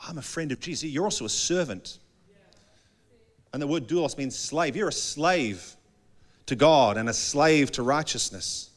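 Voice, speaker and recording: A man preaching with a slightly higher voice than most men. He talks loosely and conversationally, and he often acts out little back-and-forth dialogues as he goes. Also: lively intonation, measured pace. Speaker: pastor. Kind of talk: sermon.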